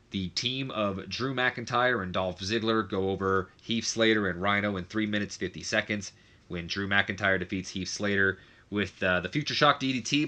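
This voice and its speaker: Chatty young man with a bright, forceful voice. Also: lowish voice. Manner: chatty, frequent fillers and self-corrections; does quick mock voices of others. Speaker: game commentator. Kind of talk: casual game commentary recap.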